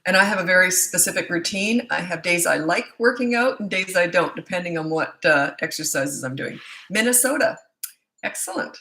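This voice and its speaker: A woman's voice: on the low side, animated, normal speed, pushed and bright. A woman in her sixties, a parenting coach chatting casually on a live stream, reading out viewers' comments and rambling between them. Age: 60s. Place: home.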